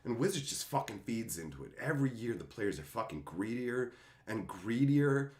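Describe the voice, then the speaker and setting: A man hosting his channel, ranting angrily and profanely, swinging from shouting to low muttering. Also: very animated, normal speed, echoey room. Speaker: channel host. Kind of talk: angry rant to camera.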